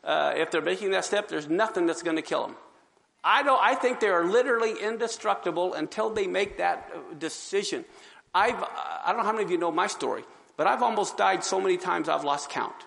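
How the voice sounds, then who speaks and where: A man giving his testimony to an audience as an animated storyteller who acts out the scenes. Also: sits high, brisk, gravelly, big-room sound. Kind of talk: sermon-style testimony.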